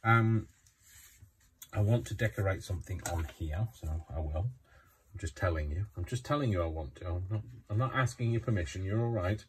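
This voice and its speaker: A tired man yawns and rambles to the camera while working on a craft project at home, talking to himself with lots of ums and restarts. His low voice moves fairly quickly, and he's far from the phone camera that was left running, with slight background noise.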